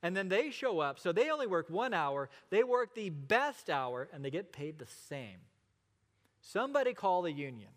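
A middle-aged male pastor preaching a sermon, asking rhetorical questions and pausing for effect. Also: high-pitched, very animated, big-room sound. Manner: expository preaching with rhetorical questions and dramatic pauses.

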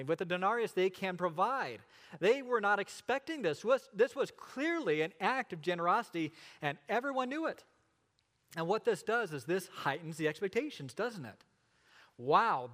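Male pastor, middle-aged, sermon delivery with rhetorical questions, lively rising and falling pitch, long hall reverb. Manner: expository preaching with rhetorical questions and dramatic pauses.

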